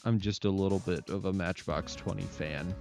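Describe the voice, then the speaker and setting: A man streaming a game, chatting casually in joking, animated banter. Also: deep voice, normal speed, gravelly. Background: game music.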